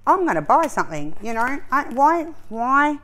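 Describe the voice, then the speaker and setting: An excitable, chatty woman hosting a casual home unboxing vlog, talking to her viewers at a camera set up a little away. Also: high voice, moderate pace, poor audio. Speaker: craft channel host.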